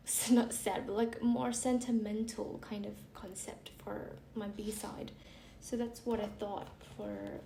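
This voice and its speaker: A young woman vlogger chatting casually and reading funny stories aloud while she does her make-up, giggling and trailing into soft asides. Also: a little high, gravelly. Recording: echoey room with faint background hiss.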